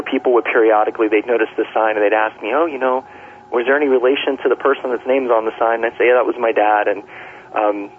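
A middle-aged man, a nurse and author, telling stories in a relaxed interview, with many fillers and restarts. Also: fairly low pitch, a little hiss or hum. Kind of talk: casual interview talk. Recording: tinny phone line.

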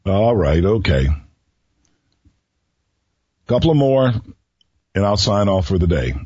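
A male radio host speaks slowly in a husky voice, teasing listeners with riddles in a folksy manner. The recording is dry and somewhat dull, like a small radio studio feed. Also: lowish voice, sing-song, a little mellow, dry recording. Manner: slow, folksy, teasing delivery. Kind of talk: solo radio talk with riddles.

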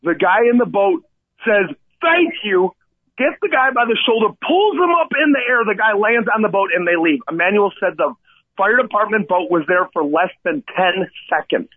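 A man co-hosting a talk radio show, telling a rescue story in an animated way and often asking "okay?". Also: high-pitched, moderate pace, no room sound. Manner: excitable, repeats "okay?" and addresses Coach. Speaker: radio co-host and kayak tour operator. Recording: tinny phone-line sound, dry.

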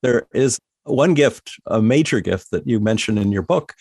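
A man hosting an interview, asking questions in a measured, reflective way. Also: mid-range voice, animated, a little mellow, slightly rough, no echo, studio quality. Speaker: interviewer host.

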